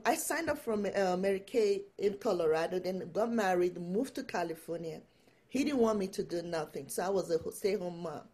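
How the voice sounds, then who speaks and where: Animated woman telling her story. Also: medium pitch. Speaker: guest, empowerment coach. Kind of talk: casual interview storytelling.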